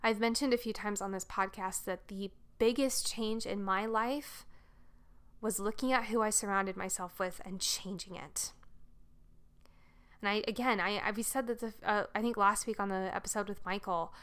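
A woman hosts her own podcast and talks straight to her listeners in an easy, earnest way. She tells a personal story at a chatty pace and fills it with frequent "like"s. Her voice sits in a comfortable middle pitch. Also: fairly even intonation, normal speed, a bit bright, clear, resonant tone. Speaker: podcast host.

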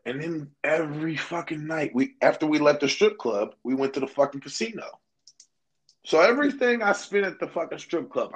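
A man's voice: a little high, a bit bright, breathy edge. A young man co-hosting a podcast, telling rambling, profanity-laced stories in casual chat. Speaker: podcast co-host.

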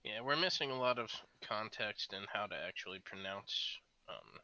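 A man's voice: fairly low pitch, expressive, moderate pace, bright, forceful tone, dry recording, lo-fi sound. A man in casual chat who reasons things through in a thoughtful, analytical way.

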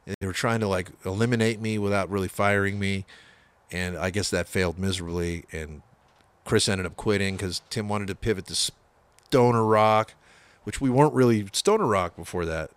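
Guest: man, Bay Area metal guitarist, low voice, swears a lot, acts out quotes as he tells the story, dry room sound. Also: moderate pace, smooth, no echo. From San Francisco Bay Area. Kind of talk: casual storytelling interview.

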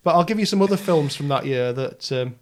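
A man's voice: fairly high pitch, lively intonation, a little fast. A man hosting a casual chat, wry and self-deprecating, often trailing off with a laugh. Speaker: podcast host.

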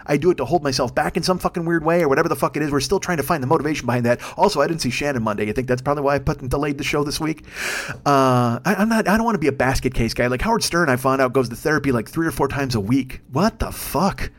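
Male podcast host, solo, quick and profane, self-mocking, stumbles and restarts a lot. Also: a little high. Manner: profane, rambling, self-deprecating; frequent restarts and stammers. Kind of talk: casual solo monologue.

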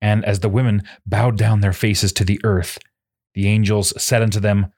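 A man giving scripted narration, reading formal scriptural prose in a solemn, measured way. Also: fairly low pitch, flat delivery, darkish tone, breathy edge.

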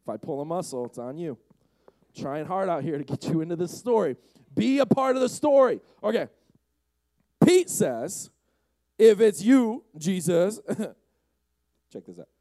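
A young man preaching a lively youth sermon, shouting and acting out the characters of the story. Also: fairly high pitch, normal speed, long pauses, no room sound. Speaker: youth pastor.

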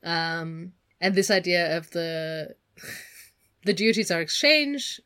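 A woman's voice: fairly low pitch, slow pace, clear, resonant tone. Chatty woman co-hosting. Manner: chatty, animated, laughs often, slips into put-on accents. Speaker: podcast co-host. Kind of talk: casual book discussion.

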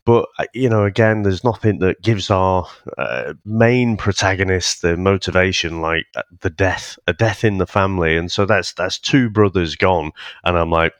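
A man co-hosting a casual film review podcast, talking in a halting, thoughtful way with many restarts. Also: sits low, no echo. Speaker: podcast co-host.

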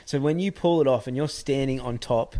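A man spins a yarn in relaxed conversation, bursting into the voices of the people in his tale. His voice sits in a middle register. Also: medium pitch, brisk. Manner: animated, acts out quoted voices. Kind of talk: casual storytelling chat.

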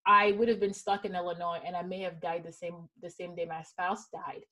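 A podcast host leads a heartfelt panel conversation, telling stories in an earnest, emphatic way. Her fairly low voice is level in tone, brisk, pushed and bright.

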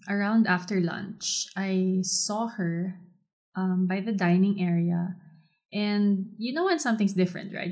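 A woman hosting a solo podcast and telling a personal story in a soft, reflective way. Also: mid-range voice. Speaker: podcast host.

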